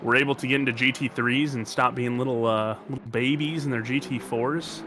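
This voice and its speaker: Jokey American race commentator, noisy stream. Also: male voice, mid-range voice, fairly even intonation. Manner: jokey, rambling, quick to banter. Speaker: sim racing commentator. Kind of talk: casual live race commentary.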